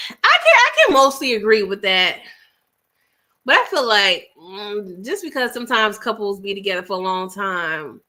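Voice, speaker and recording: Bright-voiced chatty woman livestreaming. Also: mid-range voice, normal speed. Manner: chatty, animated, uses "child" and "y'all". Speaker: livestream host. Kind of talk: casual chat with live viewers.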